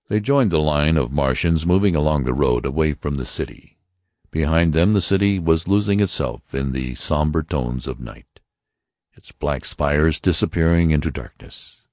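Very deep-voiced male narrator. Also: normal speed, a little mellow, no echo, clean studio sound. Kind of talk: audiobook narration.

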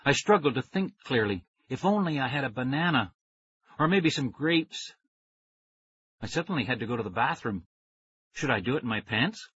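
A man reading a children's story aloud in first person, with expressive storytelling. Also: medium pitch, normal speed, long pauses, breathy edge, no room sound. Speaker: audiobook reader. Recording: dry, dull lo-fi recording.

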